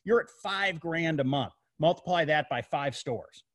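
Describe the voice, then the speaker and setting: A man's voice: fairly high pitch, expressive, a little slow, fairly bright tone, no room sound. A man in a casual discussion who talks emphatically, repeats his words and piles up rhetorical questions.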